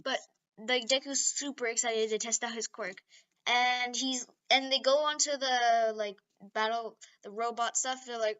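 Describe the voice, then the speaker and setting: A woman's voice: a little high, steady tone, a little slow, fairly bright tone. A woman casually retelling a story, rambling and playful with lots of fillers. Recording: dull lo-fi recording.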